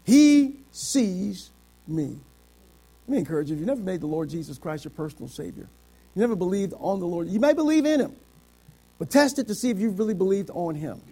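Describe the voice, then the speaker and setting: A middle-aged man preaching a sermon, quoting scripture in old biblical wording and swinging between shouted climaxes and quiet, low passages. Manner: quotes scripture in King James wording.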